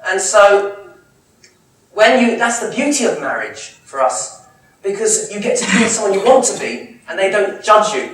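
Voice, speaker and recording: A man, an Islamic lecturer, answering audience questions in a lively, joking way after his talk at a university event. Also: high voice, moderate pace, noisy background. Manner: lively, joking, laughs between points. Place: large lecture room at a university society event. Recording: very echoey hall, voice from far off.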